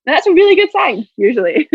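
A woman's voice: sits high, sing-song, fast, no echo. A woman guest chatting casually on a podcast, self-mocking and talkative. Her voice has a dull, muffled tone and sounds close and dry, with no room around it. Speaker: guest, coach. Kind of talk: casual chat.

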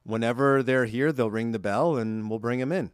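A man's voice: medium pitch, moderate pace, smooth, no room sound. A young man co-hosting a podcast in a studio, chatting casually and upbeat as he reads fan mail aloud. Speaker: podcast co-host.

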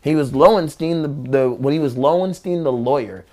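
A man's voice: fairly high pitch, brisk, darkish tone. A man and former pro skateboarder telling stories in casual talk, acting out quotes in many voices and swearing freely. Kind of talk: casual storytelling.

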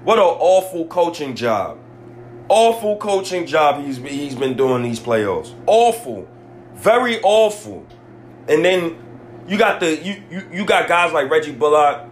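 A man rants on his sports podcast, his high voice swinging wide and his words coming slowly and heavily. He sounds exasperated and keeps repeating himself in casual slang. The room is echoey, with a faint hum behind him. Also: very animated. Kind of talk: emotional sports rant.

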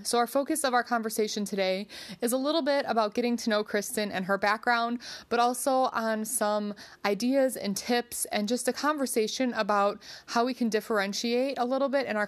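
A woman's voice: medium pitch, fairly bright tone. A woman hosting an educational podcast, introducing her guest in an upbeat, enthusiastic way. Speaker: podcast host. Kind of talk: scripted podcast intro and interview.

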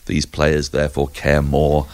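A man with a very deep voice chats as a podcast guest, wry and articulate, with bursts of energy. The recording is dry and close to the mic. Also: completely flat delivery, a little slow, a little mellow, dry recording. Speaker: guest cricket commentator. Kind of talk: conversational podcast chat.

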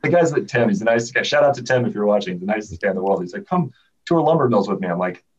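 A man talking quickly in a casual chat, telling stories with energy and often restarting his sentences. His voice sits a little low and sounds husky. The audio is muffled and comes from some way off the mic. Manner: animated storyteller, many restarts. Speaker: podcast guest. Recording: dull, distant remote audio.

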